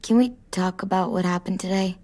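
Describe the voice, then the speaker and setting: A woman's voice: on the low side, fairly quick, mellow, close to an everyday voice. A young woman voicing a guarded, blunt teenage girl survivor in a video game, hesitant yet resolved, over game music. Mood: troubled. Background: game score music.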